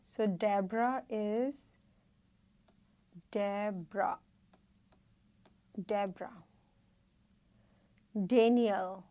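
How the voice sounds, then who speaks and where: A woman teaching a Hindi reading lesson, saying each word slowly and repeating it. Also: medium pitch, fairly even intonation, mellow. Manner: slow, careful, repeats each word twice. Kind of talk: slow spoken lesson, repeating words.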